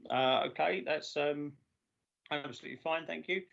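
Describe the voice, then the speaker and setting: A man chairing a formal council meeting over a video call, halting with many filler sounds and losing his voice. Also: on the high side, creaky, a bit bright. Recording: dull lo-fi video call audio.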